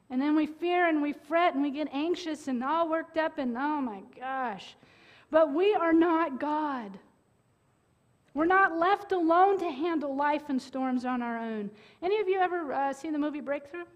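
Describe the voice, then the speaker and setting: A woman preaching a sermon in an earnest way, with dramatic pauses and sudden loud bursts. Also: high voice, lo-fi sound.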